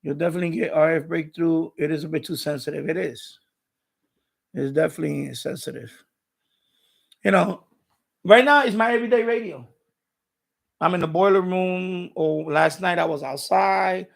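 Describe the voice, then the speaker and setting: A man's voice: fairly high pitch, moderate pace, vocal fry, pauses often. A man hosting a live stream, chatting casually and rambling, with many restarts and repeated phrases.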